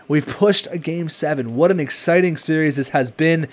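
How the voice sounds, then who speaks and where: Excitable young man commenting on gameplay. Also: a little high, normal speed, few pauses. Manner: excitable, swings from hype to frustrated swearing. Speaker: gaming commentator.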